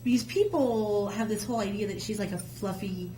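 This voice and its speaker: A woman guest telling myths in casual, colloquial chat, with a lively storyteller's manner. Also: mid-range voice, fairly quick. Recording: echoey room with faint hum.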